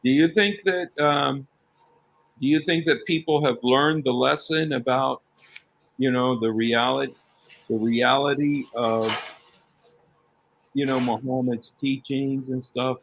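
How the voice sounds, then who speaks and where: A man's voice: mid-range voice, steady tone, slow, long pauses, fairly bright tone, a little hiss or hum. A man guest in a casual talk who reads passages aloud and keeps exclaiming "wow". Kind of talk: casual conversation.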